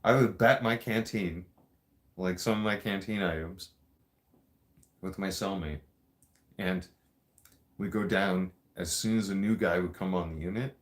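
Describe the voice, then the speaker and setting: A man hosting a podcast, telling stories casually in a blunt, profane way and laughing often. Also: sits low. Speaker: podcast host. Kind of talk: casual storytelling.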